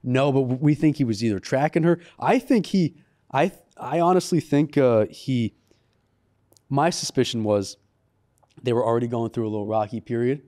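Man, podcast co-host, mellow relaxed tone, casual storytelling, studio. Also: medium pitch, moderate pace. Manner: animated storyteller, acts out quotes in raised voice.

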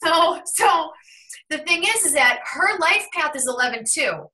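Bright, animated woman telling a story. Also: high-pitched, a little slow, far from the mic, poor audio. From Ohio, USA. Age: 30s. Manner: animated storyteller, acts out quoted remarks. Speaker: host of a tarot and numerology channel. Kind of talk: casual storytelling on a call.

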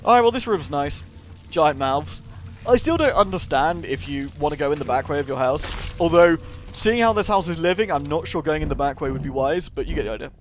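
A man giving casual, joking commentary while playing a video game, excitable and crude. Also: on the high side, fairly quick, faint music behind. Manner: jokey, excitable, crude humour. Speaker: let's play host.

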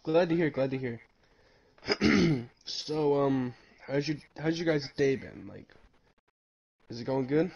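A man's voice: mid-range voice, animated, slow, gravelly, pauses often, a little mellow. A young man telling a story in casual podcast chat, rambling and swearing and saying "like" often. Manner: rambling, profane, full of "like". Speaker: podcast host. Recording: dull lo-fi with faint hiss.

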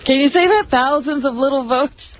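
High-voiced mocking male co-host. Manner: mocking, quick jokes. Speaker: radio co-host. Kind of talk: casual radio banter. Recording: muffled radio with loud noise.

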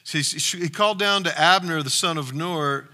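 A man's voice: fairly high pitch, normal speed, pushed and bright. A male pastor giving a sermon in a conversational way, retelling a story with asides to the congregation. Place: church.

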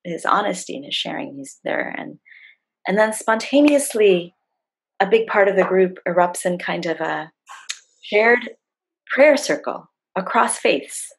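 A middle-aged facilitator, a guest on a video call, tells a story from her work in conversation, warm and animated as she voices the quotes of the people involved. She speaks a little slowly in a medium-pitched, gravelly, husky voice over a rough recording.

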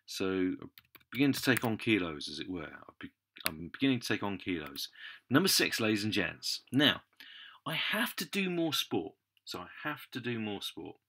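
A man gives a patient French lesson, leaning on each word he teaches. His voice sits on the low side and he takes his time. Faint keyboard clicking is heard behind him. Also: bright, forceful tone, slight background noise. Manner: patient, stresses French words, addresses "ladies and gents". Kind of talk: slow explanatory lesson.

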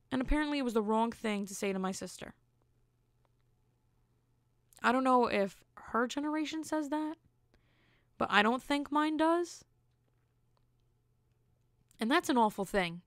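A woman's voice: high-pitched, measured pace, long pauses, no echo, clean studio sound. A young woman hosting a solo podcast, telling a dating story bluntly and acting out the quotes as she goes. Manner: animated, acts out quotes. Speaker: podcast host. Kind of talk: casual solo podcast monologue.

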